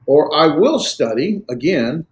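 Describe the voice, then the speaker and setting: A man's voice: a little high, sing-song, measured pace, highs cut off. A man teaching a class on verbs in a conversational lecture style, often checking that students follow and dropping dry sarcastic asides. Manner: conversational, checks understanding with "right?". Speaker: Greek grammar teacher.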